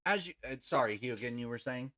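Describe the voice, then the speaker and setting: A game master narrating a tabletop game, halting and full of ums. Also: mid-range voice, lively intonation, background noise.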